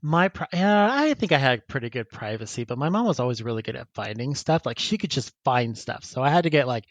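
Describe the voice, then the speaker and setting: A man's voice: medium pitch, big pitch swings, brisk, dry recording. A man co-hosting a podcast, chatting casually and reading listener emails aloud, laughing often. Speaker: podcast co-host.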